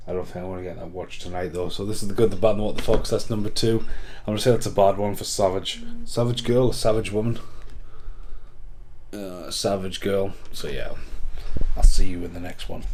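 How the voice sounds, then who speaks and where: A man's voice: fairly low pitch, darkish tone, a little hiss or hum. A man rambling casually through a film review vlog, swearing a lot and laughing at the films.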